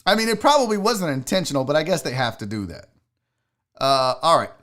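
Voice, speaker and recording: A man hosts a live sports stream, reading chat and ranting with plenty of profanity. His voice sits high for a man and swings widely in pitch. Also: very animated, fairly quick, a bit bright. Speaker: host of a live sports show.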